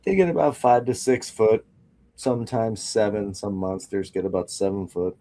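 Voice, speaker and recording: A man's voice: lowish voice, normal speed, warm tone. A man appearing as a reptile breeder guest on a podcast, giving short, easygoing answers. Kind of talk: casual podcast interview.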